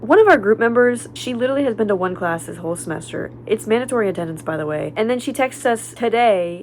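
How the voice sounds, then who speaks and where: A woman's voice: on the high side, animated, fast, few pauses, a little mellow, a little hiss or hum. A woman in her twenties, a college senior, chatting in a talkative, dramatic way in a study vlog. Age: 20s. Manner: talkative, dramatic, slips into whispers.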